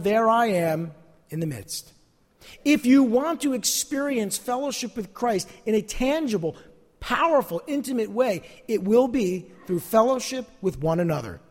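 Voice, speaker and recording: Earnest male preacher, high voice, echoey church hall. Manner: earnest, animated preaching with emphatic repetitions. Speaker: pastor. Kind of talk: sermon.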